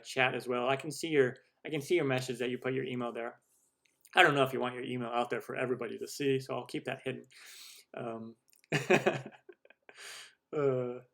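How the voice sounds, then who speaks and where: A man's voice: medium pitch, fairly bright tone. A man in his forties, a cooking show host, chatting casually in a live Q&A, rambling with many fillers and self-deprecating jokes. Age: 40s. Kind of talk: live stream Q&A chat.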